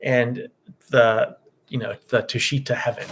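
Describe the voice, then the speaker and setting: Relaxed man telling a dharma story. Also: mid-range voice, moderate pace. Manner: relaxed, loose, with many "you know" and "right?" tags. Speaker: meditation teacher. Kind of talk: casual dharma talk storytelling.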